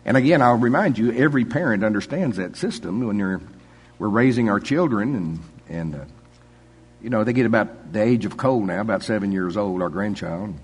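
A man's voice: on the low side, lively intonation, a little fast, a little mellow, breathy edge. An older man preaching a sermon in a folksy, conversational way, chuckling often.

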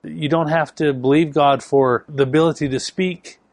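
A man's voice: on the high side, fairly even intonation, moderate pace, darkish tone, no room sound. A man preaching a sermon, telling a story with emphatic delivery. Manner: storytelling with acted quotes, emphatic.

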